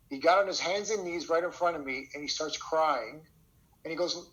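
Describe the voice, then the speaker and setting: Male sales coach on a video call, slightly high voice, energetic storytelling delivery. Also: moderate pace, rough recording. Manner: energetic storytelling, frequent "okay?" check-ins. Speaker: sales trainer. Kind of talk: online training lesson.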